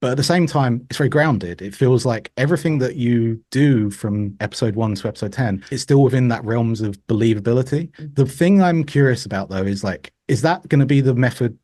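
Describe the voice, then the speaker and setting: A man's voice: mid-range voice, fairly quick, few pauses, mellow, dry recording. A male interviewer asking long, winding questions full of hedging fillers.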